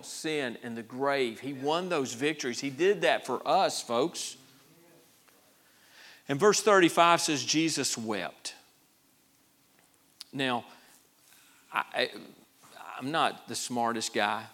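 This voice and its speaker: A man's voice: medium pitch, fairly bright tone. Folksy preacher, man. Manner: folksy, conversational preaching with repeated starts. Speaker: pastor. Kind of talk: sermon.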